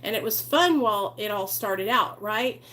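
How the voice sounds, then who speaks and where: With an expressive, somewhat bright mid-range voice at normal speed, the host of a recovery channel chats casually on a live stream. She's earnest and talkative, saying hello to viewers by name.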